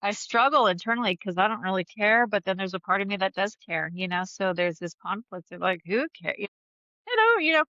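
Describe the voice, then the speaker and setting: Chatty woman with a bright voice. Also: mid-range voice, steady tone, a little fast, few pauses, dry recording, lo-fi sound. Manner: chatty, laughs often, restarts sentences. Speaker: podcast guest. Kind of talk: candid conversational interview.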